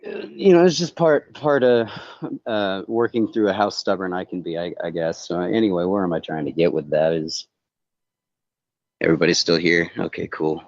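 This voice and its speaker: A man talking earnestly and casually on a livestream call, halting and rambling with many restarts. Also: low voice, a little mellow, no echo. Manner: earnest, confessional. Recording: dull, dry lo-fi call audio.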